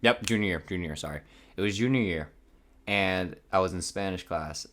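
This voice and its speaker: A man's voice: deep voice, brisk, a bit bright. A young man around twenty, hosting a podcast in a rambling, casual, profane monologue with nervous voice cracks. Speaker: podcast host.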